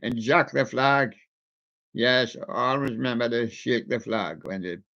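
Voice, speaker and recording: A man hosting a casual radio show, chatting playfully with the soft toys in his studio. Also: mid-range voice, steady tone, a little slow. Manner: chatty, playful, talks to soft toys and does their voices. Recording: dull lo-fi sound.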